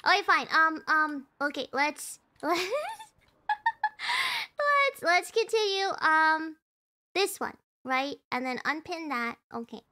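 A young woman streamer chatting casually while playing a cooking game, excitable and repeating herself in frantic bursts. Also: high-pitched, takes it slowly. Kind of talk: casual gaming stream commentary.

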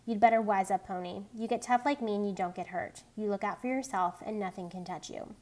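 A woman's voice: mid-range voice, a little fast, darkish tone, close to an everyday voice. A woman reading a tough, reckless teenage greaser boy aloud, blunt and streetwise.

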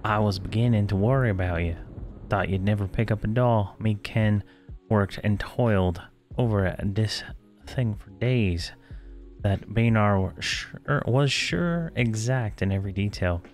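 A man voicing a gruff male gnome shopkeeper in a game, brusque, with a put-on accent. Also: on the low side, measured pace, a little mellow, soft background music, close to an everyday voice.

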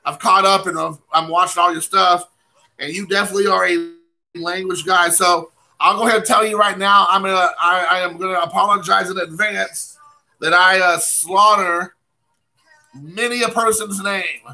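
A man's voice: sits high, fairly even intonation, normal speed, vocal fry, pushed and bright, rough recording. A man hosting a casual card-opening stream, rambling and poking fun at himself while chatting with viewers. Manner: rambling, self-deprecating, chatty asides to viewers. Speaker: card collecting channel host.

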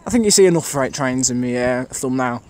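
A man's voice: mid-range voice, animated, a little fast, a little mellow, smooth. A man filming trains on an outdoor station platform, giving a rambling, casual commentary full of fillers to his camera mic. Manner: chatty, rambling, thinks aloud with many fillers.

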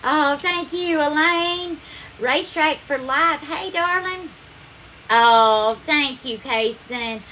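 A woman's voice: sits high, takes it slowly, bright, forceful tone, a little hiss or hum. A woman with a Southern accent hosting a live cooking stream, chatting effusively and calling viewers darling as she thanks them by name. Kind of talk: casual live-stream chat and cooking demo.

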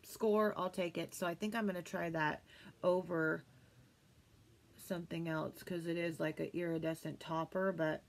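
A woman's voice: on the low side, steady tone, normal speed, creaky. A young woman chatting casually through a makeup tutorial, gushing and rambling as she talks. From California. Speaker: beauty vlogger.

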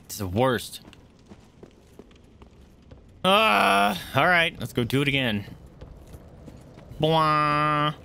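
Excitable man streaming a hard game. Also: medium pitch, takes it slowly, gravelly, pauses often. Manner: excitable, swears often, talks to viewers and his dogs. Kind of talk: live gameplay commentary.

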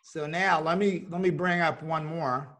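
A man's voice: on the high side, fairly even intonation, unhurried, fairly bright tone. A man hosting a religious broadcast, talking in an earnest, emphatic way with frequent fillers and restarts. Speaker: host.

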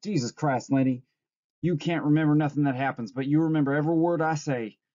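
A man voicing a weary male ranch worker who speaks in a flat, wooden way, in a story read aloud. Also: on the high side, fast talker, pitched above the performer's own voice, close to an everyday voice. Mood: exasperated. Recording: dull lo-fi recording.

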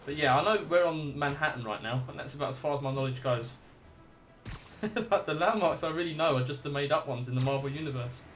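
A man's voice: a little high, a little fast, a bit bright, soft background music. A man livestreaming a video game, reacting with swearing and laughter while chatting casually with viewers. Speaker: gaming livestreamer. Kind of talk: casual let's play commentary.

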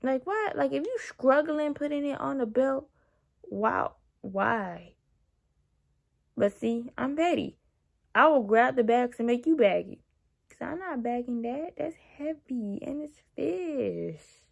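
A young woman telling a workplace story in a casual, animated, sassy way. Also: high voice, slow pace, vocal fry. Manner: animated, sassy, petty venting with dramatic emphasis. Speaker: vlogger telling work stories.

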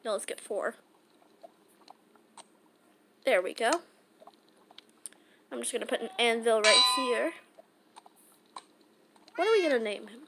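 Woman rambling through her gameplay, kinda high voice, lots of noise behind. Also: animated, slow, gravelly, long pauses. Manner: chatty, rambling self-talk. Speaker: gaming channel host. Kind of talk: casual gameplay commentary. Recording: loud background noise.

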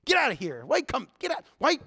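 A man's voice: very high-pitched, huge pitch swings, fairly quick, creaky, sharp tone, in a large hall, pitched above the performer's own voice, full character voice. A preacher voicing a dismissive older brother who scolds his younger sibling, in a sermon retelling. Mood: scornful.

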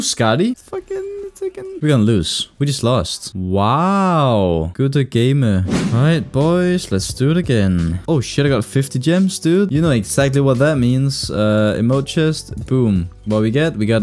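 A young man narrates his match in real time, swearing freely and reacting loudly to every fight. His voice swings widely up and down as the action shifts. Soft game music sits underneath. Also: medium pitch. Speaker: gaming YouTuber. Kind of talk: live gameplay commentary.

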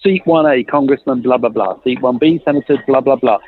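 A middle-aged man, a guest on an interview show, telling a story with lively, self-mocking humor and acting out the dialogue he quotes. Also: mid-range voice, brisk, slightly rough, dry recording. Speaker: guest, innovation consultant. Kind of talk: animated anecdote telling in a podcast interview. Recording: dry, tinny phone-like line.

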